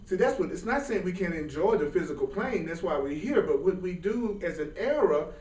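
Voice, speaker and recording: A man giving an informal spiritual class, talking in a lively, colloquial way and often laughing. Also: sits high, a little fast. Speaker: spiritual teacher. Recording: roomy sound from a distant mic.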